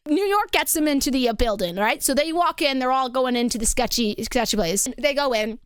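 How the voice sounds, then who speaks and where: Super high-pitched lady telling a wild story, swears a lot, dry close sound. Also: normal speed, clean tone, no room sound. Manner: animated, acts out quotes, swears freely. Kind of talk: casual storytime.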